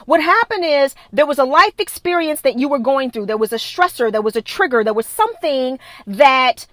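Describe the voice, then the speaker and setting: A high-pitched woman speaks as a wellness coach on a live stream, recorded close on her phone. The sound is dry and intimate, with no echo from the room. She talks in an emphatic, preachy way and repeats herself to drive each point home. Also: expressive, moderate pace, fairly bright tone. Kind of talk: live-streamed motivational talk.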